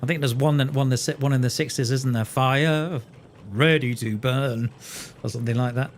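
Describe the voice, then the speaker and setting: A man's voice: mid-range voice, steady tone, moderate pace, a little hiss or hum. A man chatting casually while live-streaming a train simulator game, rambling, telling jokes and talking to his viewers. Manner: rambling, joking, talks to chat and himself.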